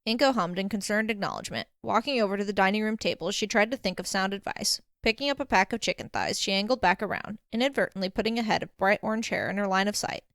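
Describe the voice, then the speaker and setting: Brief: woman storyteller, mid pitch, dry close-miked narration. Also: fast, few pauses, a bit bright, no room sound. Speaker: audiobook narrator. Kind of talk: fanfiction audiobook narration.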